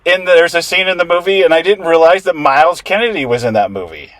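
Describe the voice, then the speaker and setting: A man's voice: on the high side, expressive, fast, a bit bright. A man interviewing a musician in a casual chat, friendly and brief in his replies.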